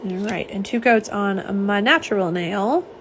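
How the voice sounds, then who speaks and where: A young woman chats on a live stream, rambling through asides and fillers. Her voice sits in a middle pitch, with a faint hiss of noise behind it. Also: unhurried. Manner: chatty and warm, lots of fillers and asides. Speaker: nail polish swatcher. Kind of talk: live-stream chat, reading viewer comments. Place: home office.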